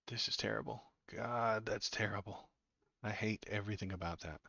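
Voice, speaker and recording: A man's voice: on the low side, fairly even intonation, normal speed, creaky, bright, forceful tone, no echo, muffled recording. A man hosting a casual political livestream, ranting with sarcastic, mocking disgust and chatting to his viewers.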